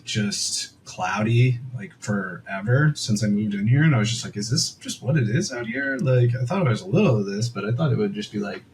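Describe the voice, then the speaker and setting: A man's voice: on the low side, darkish tone, a little hiss or hum, poor audio. A young man co-hosting a podcast, telling a story in a rambling, casual way full of "like" and quoted asides. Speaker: podcast co-host.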